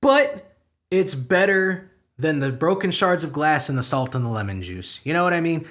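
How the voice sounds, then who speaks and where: Reading news items on his comedy podcast, a young man keeps stopping to vent in profane, sarcastic, exasperated asides that lurch from muttering to outbursts. His fairly high, fairly bright voice moves at a moderate pace with big swings in pitch.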